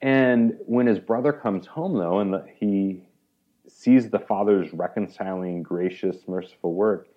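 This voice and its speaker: Male guest, a somewhat low voice with a muffled, lo-fi sound. He tells stories animatedly and acts out quoted lines in conversation. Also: a little slow. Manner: animated storyteller, acts out quoted speech, many "like"s. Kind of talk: conversational interview explaining a parable.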